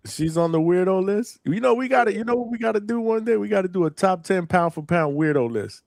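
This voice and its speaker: A man's voice: high voice, lively intonation, fairly quick, creaky, darkish tone, no echo, clean studio sound. A man hosting a call-in show, chatting casually in a playful, teasing way. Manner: playful, teasing, laughs a lot. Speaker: show host.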